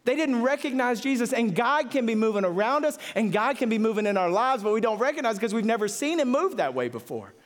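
A man pastor preaching a sermon with passion, repeating phrases and rising to excited peaks. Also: quick pace, few pauses. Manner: impassioned, repetitive, builds to excited high-pitched peaks.

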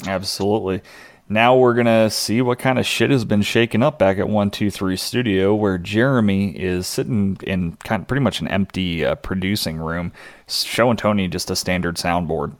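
A man with a low voice co-hosts a podcast and walks through a TV episode at an easy pace. He hesitates and fills his gaps with "uh" and "you know", recorded close and dry. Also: moderate pace, no room sound. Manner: laid-back, hesitant with fillers. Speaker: podcast co-host. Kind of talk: casual chat recapping a TV episode.

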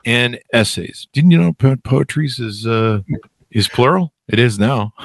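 A man's voice: mid-range voice, animated, a little slow, no room sound. A man hosting a podcast, rambling and self-mocking while introducing a guest into a close studio mic. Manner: joking, self-mocking, meandering. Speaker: podcast host.

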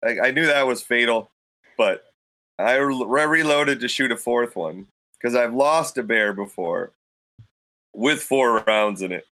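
A man's voice: medium pitch, measured pace, bright, forceful tone, dry recording, rough recording. A man in casual conversation, telling a story vividly and acting out quoted thoughts with a raised voice into a studio microphone. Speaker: podcast guest telling a hunting story.

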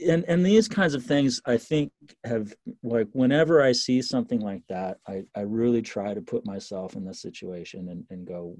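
A man telling stories in a casual interview, lively and full of fillers and restarts. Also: lowish voice, moderate pace, dry recording. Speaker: interview guest.

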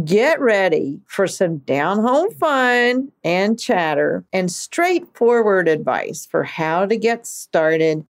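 A woman hosts a podcast, laughing easily with her guest. She speaks slowly, and her pitch rises and falls a lot. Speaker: podcast host. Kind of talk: casual interview and scripted intro.

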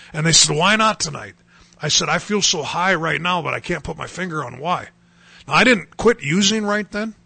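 A man's voice: fairly high pitch, creaky, sharp tone, breathy edge. A man from North Dakota telling his personal testimony in an earnest storytelling way that rises to emphatic bursts. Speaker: testimony speaker.

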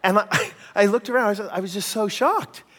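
A Canadian man preaching a sermon, an animated storyteller who acts out voices and jokes at his own expense. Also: high-pitched, fairly quick, in a large hall. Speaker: pastor.

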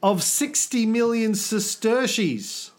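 A man's voice: high-pitched, takes it slowly. A man co-hosting a history podcast in loose, casual banter. His voice swings widely up and down as he cracks jokes and swears freely. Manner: animated, jokey, swears freely.

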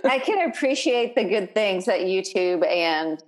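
A woman's voice: mid-range voice, animated, unhurried. A woman hosting a podcast interview. She chats casually and supportively, with many fillers. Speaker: podcast host.

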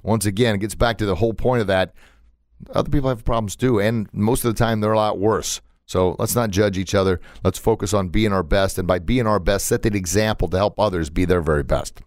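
A man's voice: no echo, clean studio sound. Emphatic man hosting a motivational podcast. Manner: emphatic, repetitive, folksy preaching with pitch leaps. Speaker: podcast host.

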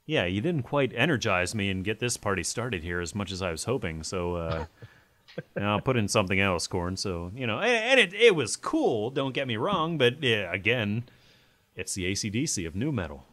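Sharp in tone and sing-song in delivery, a man with a fairly low voice co-hosts a laid-back podcast about music reviews at normal speed. His takes are opinionated, dotted with "you know" and acted-out asides.

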